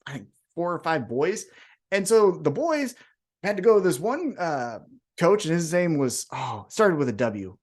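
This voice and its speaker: During a relaxed livestream chat, this wrestling podcast co-host spins a story in a loose, foul-mouthed style, imitating the people he describes. His pitch rises and falls dramatically as he talks.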